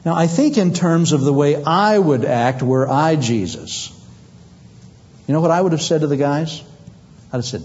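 A male preacher giving a sermon in a humorous, animated way, acting out scenes. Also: on the high side, moderate pace, dull audio.

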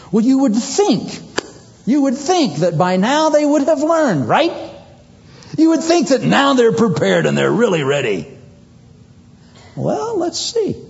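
A male preacher giving a sermon in a humorous, animated way, acting out scenes. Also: sits high, dull audio.

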